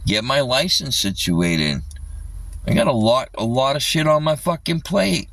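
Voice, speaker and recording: A man's voice: mid-range voice, big pitch swings, a little slow, vocal fry, fairly bright tone, dry recording. A man livestreaming an agitated rant, swearing constantly, with his voice a little distant from the mic.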